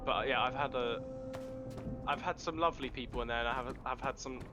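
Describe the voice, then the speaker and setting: Over music and with lo-fi sound, a young guy gaming online rambles through stories and swears freely as a fellow player. His voice sits at medium pitch and runs a little fast.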